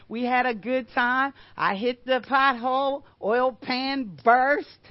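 Slow-speaking older woman preaching. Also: fairly high pitch, no echo, dull audio. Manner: emphatic, rhetorical questions, storytelling. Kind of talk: sermon.

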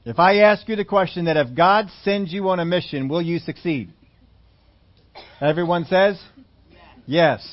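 Man preaching on dull lo-fi audio. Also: high voice. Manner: slows and stresses key phrases, repeats points for note-taking; chuckles at his own jokes. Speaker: pastor. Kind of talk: sermon.

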